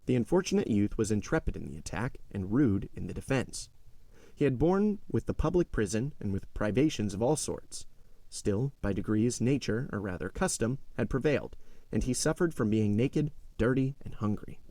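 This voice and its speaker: A man narrating a classic novel aloud in a measured storytelling manner. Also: lowish voice, very animated, dark tone, dry recording. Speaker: audiobook narrator.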